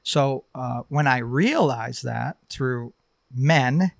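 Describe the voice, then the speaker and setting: Gravelly man telling a heartfelt story. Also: mid-range voice, dry recording, clean studio sound. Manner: halting, heartfelt storytelling with many fillers. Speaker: podcast guest. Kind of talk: personal testimony on a podcast.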